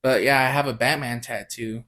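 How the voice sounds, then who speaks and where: Easygoing dad, slangy, chatty storyteller. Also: male voice, medium pitch, fairly even intonation, a little fast, sharp tone. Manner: laid-back storyteller, slangy. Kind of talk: casual chat.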